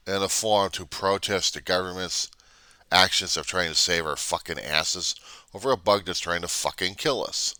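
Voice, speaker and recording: A man's voice: low-pitched, bright, forceful tone, no echo. A man delivering an angry, blunt, profanity-laden vlog rant. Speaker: vlogger. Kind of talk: angry ranting monologue.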